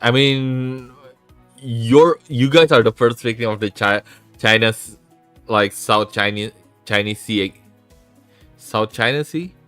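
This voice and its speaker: A man's voice: mid-range voice, takes it slowly, long pauses, a bit bright, dry recording, faint music behind. A man with a sore throat, hosting a casual live stream, rambling and often interrupting himself. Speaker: VTuber streamer and host.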